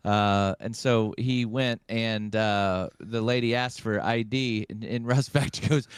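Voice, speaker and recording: A man hosting a podcast, telling a story in casual chat and pausing often on filler sounds. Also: on the low side, steady tone, clear, resonant tone, no room sound, studio quality. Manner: rambling storyteller, many filler "uh"s. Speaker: podcast host and slot streamer.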